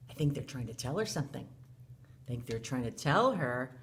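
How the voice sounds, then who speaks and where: A woman teacher reading a picture book aloud to young children in an animated way, gasping and asking them questions. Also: on the low side, normal speed, a little hiss or hum.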